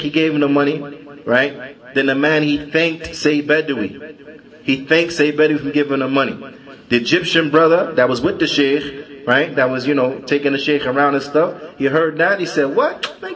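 A man's voice: on the high side, a bit bright, low-quality recording. A man giving a conversational religious lecture at a mosque. He tells a story and often stalls, restarting and repeating words. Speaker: religious class teacher.

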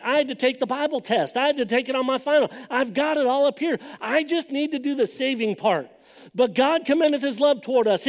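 A middle-aged male preacher with a notably high voice, telling a personal story from the pulpit and building to fervent emphasis. The sound rings with a long reverb, as in a large church hall. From California. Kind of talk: sermon testimony.

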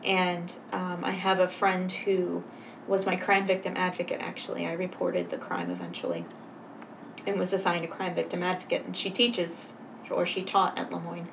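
Gravelly-voiced woman telling her story. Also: fairly low pitch. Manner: earnest, halting, reflective. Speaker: guest. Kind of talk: personal storytelling in conversation. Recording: voice a bit far from mic, faint noise.

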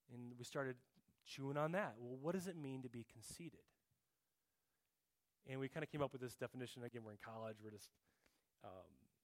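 A middle-aged male pastor delivers a sermon in a casual, conversational manner. He speaks at a mid pitch, addresses the room as guys, and often stops to restart his phrases.

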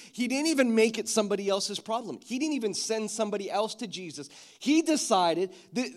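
A man with an Australian-tinged accent preaching a sermon, telling stories in an animated way and often restarting his sentences. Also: high-pitched, brisk, hardly any pauses. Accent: Australian-tinged English. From Philippines. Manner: storytelling, animated, repeats words when starting sentences. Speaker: pastor.

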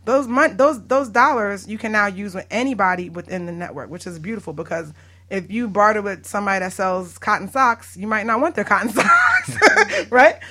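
A woman talks casually as a broker on a podcast. Her voice is bright and lively, and she laughs often as she tells stories. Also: medium pitch, moderate pace, a little hiss or hum. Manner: animated, laughs often, acts out callers. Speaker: barter exchange broker.

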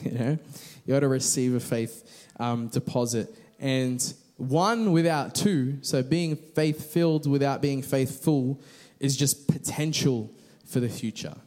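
A man's voice: medium pitch, darkish tone. A man preaching a casual, conversational sermon with frequent restarts and fillers.

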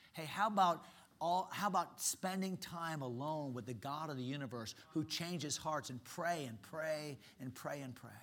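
A middle-aged man and pastor preaching a sermon in an animated, emphatic storytelling way. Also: on the high side, slightly rough.

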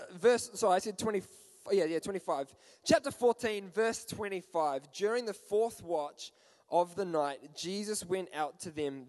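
A man preaching a sermon to a youth group, energetic and playful, joking with the crowd. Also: fairly high pitch. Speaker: youth pastor. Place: church hall. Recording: echoey hall with long reverb.

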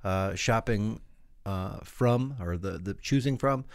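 A man's voice: lowish voice, slow pace, vocal fry, dry recording, studio quality. A man co-hosting a podcast in casual chat, rambling and leaning on filler words. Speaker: podcast co-host.

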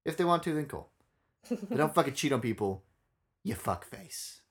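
With a fairly high voice at normal speed, a young podcast co-host tells an animated, blunt story on a casual show, cursing plenty along the way.

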